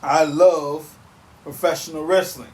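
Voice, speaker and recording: A man in his thirties hosting a podcast, ranting casually in an animated, repetitive, emphatic way on a back porch outdoors. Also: fairly high pitch, unhurried. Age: 30s. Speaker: podcast host. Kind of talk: casual solo rant. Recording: roomy sound from off mic.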